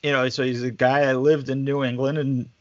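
A man telling stories as a guest in casual chat, relaxed and full of fillers. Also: medium pitch, fairly quick, dry recording, highs cut off. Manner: relaxed, chatty, lots of fillers. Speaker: basketball staff guest. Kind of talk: casual storytelling.

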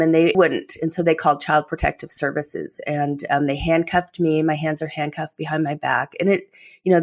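Low-voiced woman telling an emotional story. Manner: candid, many fillers, voice catching with emotion. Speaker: memoir author and guest.

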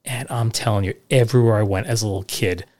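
Low-voiced man hosting a podcast. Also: quick pace, darkish tone. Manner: chatty, dry sarcastic asides. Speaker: podcast host. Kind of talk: podcast narration reading old letters.

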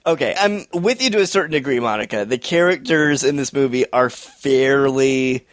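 A man's voice: mid-range voice, normal speed, dry recording. A man co-hosting a casual movie review chat, defending the film emphatically and often tagging on "okay?". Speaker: podcast co-host.

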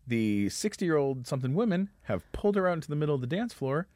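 A man's voice: a little high, quick pace, noisy background. A man guesting on a podcast, telling a story in casual chat and acting out the voices of the people in it. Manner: animated, acts out voices.

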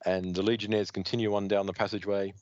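A man hosting a podcast, reading a comic aloud and acting out the characters in a wry, steady way. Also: fairly low pitch, fast talker, dry recording. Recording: dry, dull lo-fi sound.

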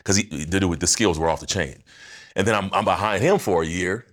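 A man in his fifties, a former football player, telling stories as a guest on a podcast in an animated, laughing, slangy way. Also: low-pitched, fairly quick. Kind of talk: casual podcast storytelling.

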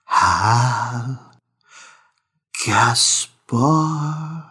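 A man voicing a ghost that calls out in an airy, breathy tone, with slow, drawn-out, tearful pleading. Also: mid-range voice, sharp tone, full character voice. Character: pleading ghostly voice echoing through a home.

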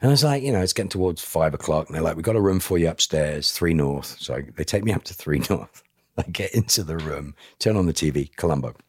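Low husky man telling a story. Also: quick pace, no room sound, clean studio sound. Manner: animated retelling, acting out other people's lines. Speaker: podcast guest. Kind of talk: emotional storytelling.

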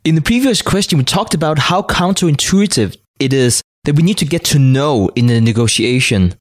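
A man's voice: a little high, animated, brisk, no room sound, clean studio sound. A male podcast host asking prepared interview questions in polite, formal wording.

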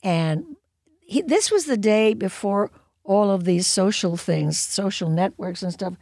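A woman in her nineties telling anecdotes as a guest in an interview, lively and wry, acting out what people said. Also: medium pitch, unhurried, no room sound, studio quality. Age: 90s. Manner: lively storyteller, acts out quotes, wry.

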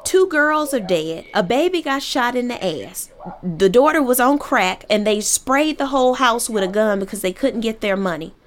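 A woman voicing her fierce, blunt mother, yelling in a high, forceful voice. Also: expressive, normal speed, natural voice. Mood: furious scolding.

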